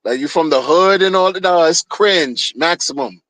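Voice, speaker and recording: A man talking straight into a streaming mic, ranting in a blunt, casual way with lots of slang. He circles back and repeats himself as he goes. His voice sits on the higher side, and the sound is dry with no room echo. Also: normal speed, creaky, a bit bright.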